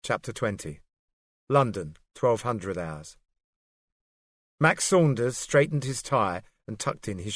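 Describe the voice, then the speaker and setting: An audiobook narrator reads scripted fiction at an ordinary middle pitch, keeping his delivery steady and measured. The recording is dry and close, with no room sound at all.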